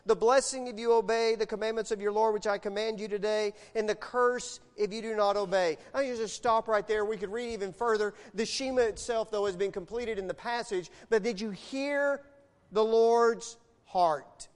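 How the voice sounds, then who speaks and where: A middle-aged man preaching a sermon, animated, moving between loud emphasis and quiet asides. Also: high voice, a little fast, hardly any pauses. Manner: animated preacher telling a story, shifting loud and soft. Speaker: pastor. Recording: long hall reverb.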